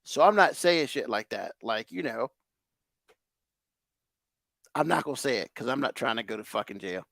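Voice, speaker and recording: A man's voice: medium pitch, expressive, normal speed, gravelly, pauses often, fairly bright tone, dry recording, clean studio sound. A man hosting a podcast, ranting in heated, profane exasperation. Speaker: podcast host.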